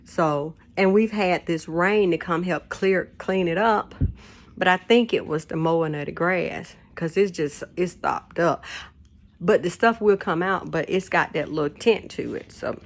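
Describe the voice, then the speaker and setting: A woman's voice: fairly low pitch, measured pace. Older woman, rambling chat. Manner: rambling, laughs often, folksy Southern turns of phrase. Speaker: vlogger. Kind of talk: casual storytelling to camera. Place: home kitchen.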